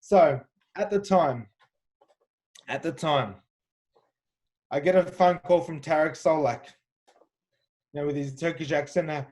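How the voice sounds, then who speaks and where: Chatty confident man, higher voice. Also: a little slow, pauses often, a little mellow. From Australia. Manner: confident, chatty, lots of fillers and restarts. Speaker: interviewed kickboxer. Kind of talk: animated storytelling interview.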